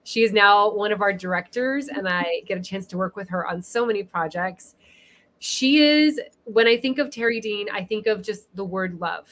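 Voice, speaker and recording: A woman's voice: mid-range voice, moderate pace, a bit bright. A woman hosting a casual interview on a video call, gushing and emotional about her guest. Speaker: interview host.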